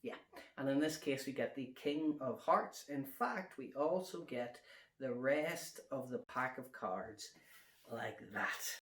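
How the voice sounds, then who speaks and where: A man performs close-up card magic, talking casually at a middle pitch while he tells a story. He counts the cards aloud as he deals. His voice rings with a noticeably roomy echo. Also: lively intonation, slow pace, a bit bright. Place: at home during lockdown.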